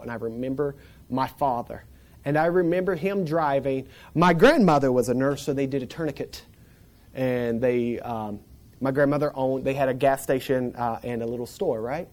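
A man from the Florida panhandle, telling a personal story in a lively way, laughing and acting out the people in it. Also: mid-range voice. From Florida panhandle, USA. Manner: animated, laughing, acts out the people in his story.

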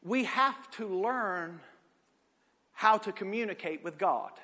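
A man, preaching a sermon with folksy stories, swinging from shouted peaks to low asides. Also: lively intonation, takes it slowly. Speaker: pastor. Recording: echoey hall.

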